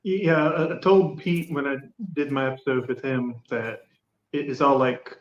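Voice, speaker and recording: A man hosting a podcast, chatting in a relaxed, laid-back way. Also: medium pitch, a little slow. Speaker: podcast host. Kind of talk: casual interview chat. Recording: echoey, dull remote audio.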